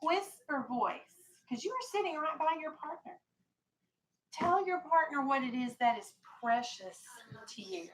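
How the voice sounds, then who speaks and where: A woman's voice: high-pitched, animated, a little slow, poor audio. A woman teaching a classroom vocabulary lesson, firm and explanatory, stressing key words.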